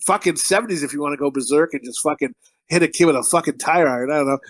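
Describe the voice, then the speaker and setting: Profane, rambling high-voiced man. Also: very fast, dry recording. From Connecticut, USA. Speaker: podcast host. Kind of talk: casual podcast banter.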